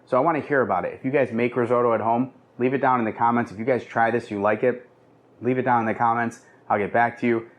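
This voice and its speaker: A man with a fairly low voice hosts a home cooking lesson from his kitchen. He talks viewers through each step in an upbeat, easygoing way, explaining what he is doing as he cooks. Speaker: cooking show host. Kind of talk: casual cooking demonstration.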